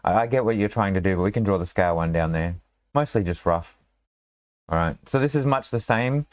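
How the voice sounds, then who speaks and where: Low-voiced man running a casual game. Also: fairly quick, dry recording. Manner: rambling, lots of fillers and restarts. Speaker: game master. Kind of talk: casual tabletop game session.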